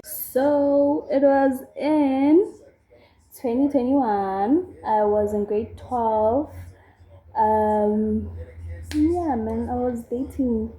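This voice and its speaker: A young South African woman talks slowly and casually while doing her makeup, rambling through her story with plenty of fillers. Her voice sits a little high but sounds dark and mellow. The room around her gives it a clear echo. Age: young adult. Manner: chatty and rambling, with many fillers. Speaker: vlogger. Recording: echoey room.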